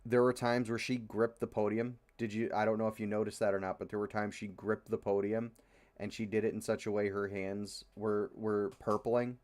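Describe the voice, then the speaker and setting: A man's voice: lowish voice, little pitch movement, moderate pace, darkish tone. A young man hosting a casual podcast, rambling and frustrated, with many fillers and free swearing. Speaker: podcast host. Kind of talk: casual opinionated chat.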